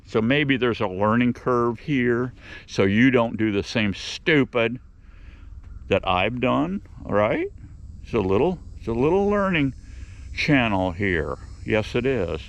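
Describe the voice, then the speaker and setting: A man's voice: medium pitch, very animated, slow pace, lo-fi sound. A man hosting his own beekeeping channel, talking casually outdoors in a rambling, folksy way that circles back and repeats phrases. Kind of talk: casual outdoor vlog monologue.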